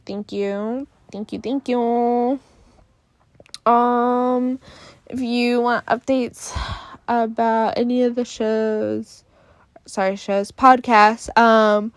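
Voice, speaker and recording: A young woman hosts her podcast late at night, sleepy and yawning, sighing between slow, rambling sentences. Her voice sits a little high. She talks close into her phone with a dry, roomless sound. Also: no room sound. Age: young adult. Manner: tired, sighing and yawning, rambling with many fillers. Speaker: podcast host. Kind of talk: casual solo podcast chat. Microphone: phone held close.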